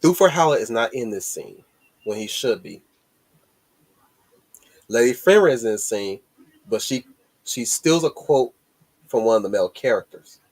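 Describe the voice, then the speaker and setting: A man hosting a casual movie discussion stream, excited and rambling, with lots of restarts and swearing. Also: mid-range voice, normal speed, pauses often, husky. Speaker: host.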